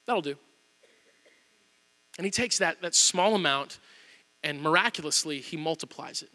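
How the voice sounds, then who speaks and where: A male pastor preaching a sermon, telling the story with animated storytelling and acting out the quotes. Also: on the high side, normal speed, long reverb tail.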